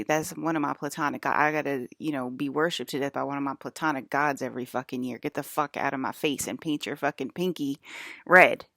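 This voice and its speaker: A young woman with a notably low-pitched voice talks straight into a close mic in a dead, dry room. She rambles with lots of fillers, swears freely and keeps working herself into irritation. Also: a bit bright, no room sound. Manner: profane, agitated, rambling with many fillers. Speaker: vlogger. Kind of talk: rambling monologue about dreams.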